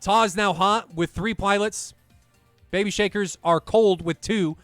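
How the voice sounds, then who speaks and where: A man giving excitable play-by-play commentary on a flight combat match, talking straight to the viewers. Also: high voice, measured pace, no echo, faint music behind. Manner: excitable, talks to the viewers directly. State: out of breath at times. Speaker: esports commentator.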